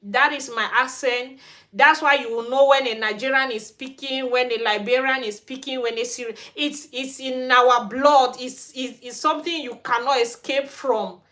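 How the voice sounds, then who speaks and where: This is a forceful, bright, high-pitched woman's voice with a steady tone and normal speed. She comes from Cameroon, has a Cameroonian accent, and runs a hair care channel, ranting candidly during a livestream chat in Sweden.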